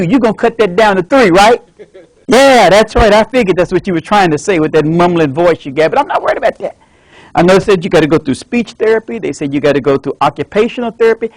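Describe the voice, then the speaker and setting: A man's voice: high-pitched, no room sound, rough recording. A man telling a dramatic story at a club meeting, emphatic and upbeat, repeating motivational lines. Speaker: club speaker.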